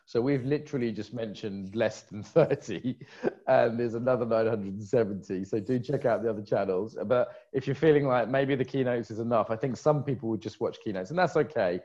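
A man's voice: medium pitch, a little fast, mellow, dull audio. A man co-hosting a live online conference stream, chatty and jokey. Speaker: conference co-host. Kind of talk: casual live-stream chat.

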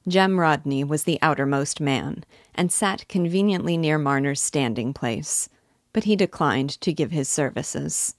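Low-voiced woman reading a classic novel. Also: measured pace, no room sound, studio quality. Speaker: literature teacher reading aloud. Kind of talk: audiobook narration.

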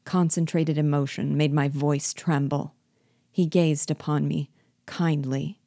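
A woman reading a classic novel aloud in a measured, expressive storytelling manner. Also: low-pitched, no room sound, studio quality. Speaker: reader.

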